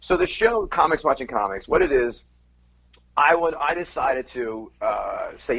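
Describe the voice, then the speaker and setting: A man from Central New Jersey, a comedian guest on a podcast, telling animated, profane stories in casual chat. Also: mid-range voice, a little slow, gravelly, breathy edge, highs cut off.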